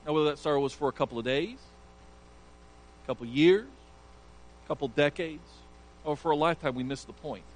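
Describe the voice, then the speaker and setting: A man's voice: on the high side, a little fast, long pauses, low-quality recording. A male pastor preaching an earnest sermon, emphatic and sometimes stumbling over restarts.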